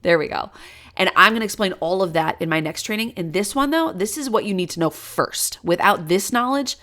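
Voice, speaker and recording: A woman's voice: mid-range voice, animated, a little fast, fairly bright tone. A woman who taught in schools, enthusiastically explaining reading skills to parents with everyday examples. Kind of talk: teaching talk to parents.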